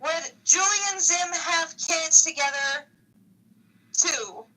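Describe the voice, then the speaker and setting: A woman's voice: very high voice, fairly even intonation, takes it slowly, sharp tone, recorded from a distance, low-quality recording. A woman co-hosting a casual chat, playful, reading out a listener question. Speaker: co-host.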